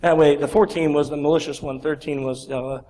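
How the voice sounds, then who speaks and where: Male conference speaker, lively anecdote, slightly high voice, echoey lecture hall. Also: a little fast. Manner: animated storyteller, acts out other voices. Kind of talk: storytelling conference talk. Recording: reverberant lecture hall recording.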